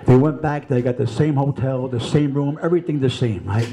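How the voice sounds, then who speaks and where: Mellow, unhurried joke-telling man. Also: medium pitch. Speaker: joke-off contestant. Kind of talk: telling jokes on a comedy panel.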